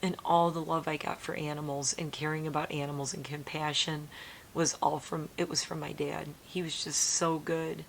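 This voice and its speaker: Casting: middle-aged woman, low voice, casual rambling vlog chat, faint rumble behind. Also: flat delivery, normal speed, creaky. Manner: rambling, emotional, soft-spoken with laughs. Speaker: vlogger.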